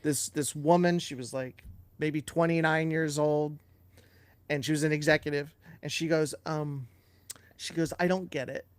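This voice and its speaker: A man's voice: fairly high pitch, flat delivery, unhurried, smooth, no echo. A man co-hosting a live question-and-answer stream, telling loose, chatty production anecdotes. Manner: chatty anecdotes with filler and restarts. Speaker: co-host and TV producer. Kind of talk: casual live Q&A storytelling.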